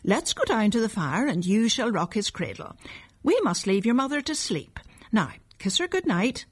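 A woman voicing a kindly, practical nurse who coaxes gently and softly. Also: on the high side, sing-song, moderate pace, breathy edge. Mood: gentle.

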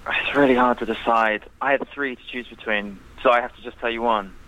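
Guy guesting on a podcast, bright voice, laughs a lot, rants about stuff he hates. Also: medium pitch, fairly even intonation, fairly quick, a little hiss or hum, poor audio. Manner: laughing, swearing, ranting playfully. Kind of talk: casual chat.

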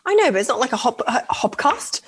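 A woman with a fairly high voice co-hosts a dating radio show. She talks casually and chattily, dropping quick asides between points. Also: big pitch swings, husky. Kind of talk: casual chat.

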